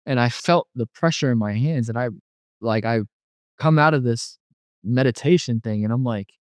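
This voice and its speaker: A man's voice: medium pitch, a little fast, dry recording, studio quality. A young man telling a personal faith story in casual, slangy speech, acting out his own past reactions. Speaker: guest sharing his testimony.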